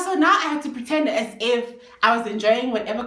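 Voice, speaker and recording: A young South African woman telling a story to camera in a casual, animated way, switching languages and swearing freely. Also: a little high, fairly quick, few pauses, reverberant. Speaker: storytime vlogger.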